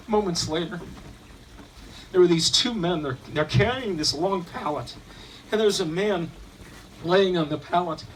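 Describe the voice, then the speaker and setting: A man retelling a story in the first person as an eyewitness, halting at times and repeating words. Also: a little high, a little hiss or hum. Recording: distant mic, faint room ambience.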